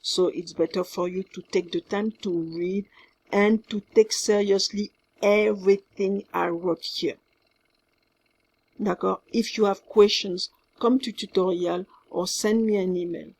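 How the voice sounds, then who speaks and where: Slow husky woman with a French accent. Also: medium pitch, steady tone, a little mellow. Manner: slow, careful, repeats herself, mixes in French words. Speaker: French teacher. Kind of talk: recorded class instructions.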